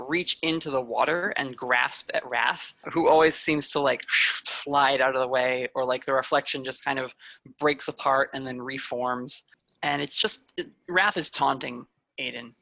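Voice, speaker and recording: A woman game master narrates a tabletop role-playing podcast, chatty and loose with her fillers. Her voice has a gravelly, bright edge, and the recording is dry and close. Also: very deep voice, measured pace, no room sound.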